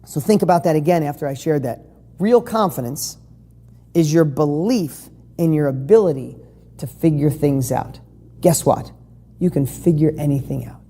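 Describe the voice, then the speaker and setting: A man's voice: on the high side, normal speed, mellow, husky. A man giving a motivational coaching talk as a success coach, emphatic and firing rhetorical questions at the listener.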